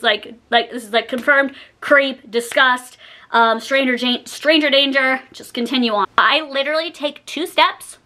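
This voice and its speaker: A woman vlogger talking through a storytime in a chatty manner, with "like" in almost every sentence. Her voice sits fairly high and sounds bright and sharp. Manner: chatty, heavy use of "like" fillers. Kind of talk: storytime vlog.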